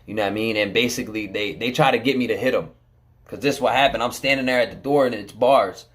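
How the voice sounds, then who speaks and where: A man's voice: lowish voice, quick pace, a bit bright. A man telling a camera about his time in prison, in casual, blunt street talk full of swearing.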